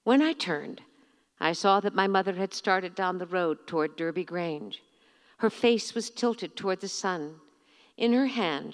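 A middle-aged woman reads from her own memoir with measured, theatrical care. Her voice sits on the low side for a woman. The bookstore event room adds a long reverb that rings behind every phrase. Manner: measured, expressive, theatrical reading. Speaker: author. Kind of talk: reading aloud from her memoir.

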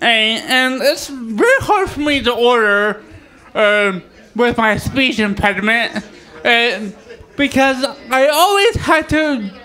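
A stand-up comedian with a speech impediment works the open mic crowd, teasing himself and his listeners. His voice sits very high and bright, and he takes his time with every line. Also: clear, resonant tone. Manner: self-deprecating, joking with the crowd. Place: bar stage with live audience.

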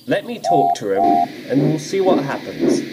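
Duck, a man doing a calm helpful engine. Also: on the high side, moderate pace, heavy background noise. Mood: reassuring. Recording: music playing under the voice.

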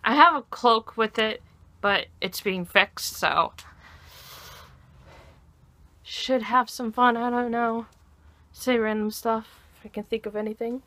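A woman's voice: fairly high pitch, measured pace, pushed and bright, no room sound. Giggly rambling young American woman. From United States. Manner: rambling, giggly, many ums. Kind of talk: casual cosplay vlog.

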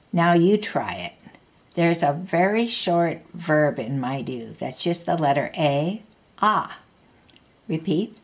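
A woman's voice: low-pitched, husky. A woman teaching a language lesson, patiently prompting the listener to repeat words and asking how to say phrases. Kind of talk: slow spoken language lesson.

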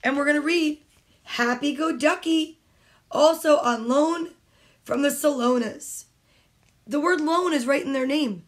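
A woman's voice: sits high, measured pace, pauses often. A woman at home reading picture books aloud to children, playful and chatty, speaking straight to the kids. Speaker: storytime host.

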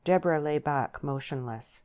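A woman narrating a novel as an audiobook, with measured, descriptive storytelling. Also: low voice, darkish tone. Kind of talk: scripted narration.

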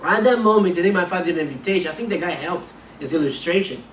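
Earnest preacher in an echoey church. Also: male voice, high voice, animated, fast talker, a little hiss or hum. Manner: repeats and restarts words, earnest storytelling. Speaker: missionary preacher. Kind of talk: sermon with a personal story. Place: church sanctuary. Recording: echoey church room, mic at a distance.

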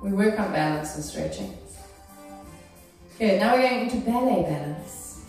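Faint music and heavy echo surround this distant recording of a woman instructing a fitness class. She cues every move, encourages her students, and checks on them, speaking in an animated, unhurried way with a medium-pitched, darkish voice.

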